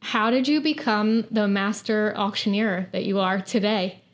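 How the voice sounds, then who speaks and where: Woman interviewer, mid-pitched, brief and encouraging, asks questions plainly. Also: fairly even intonation, unhurried. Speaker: podcast host.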